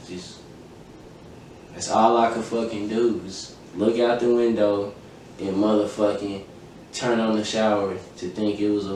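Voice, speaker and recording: A man's voice: lowish voice, darkish tone. Profane young man, echoey far-off mic. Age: young adult. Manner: profane, emphatic, recounting events with quoted dialogue. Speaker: podcast host. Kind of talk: casual storytelling chat. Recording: very echoey room, distant mic, faint noise.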